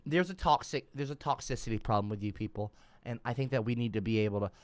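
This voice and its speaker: A man doing rambling, sarcastic livestream commentary, cursing often, trailing off mid-sentence and swinging between mumbles and loud outbursts. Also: mid-range voice, quick pace, no room sound.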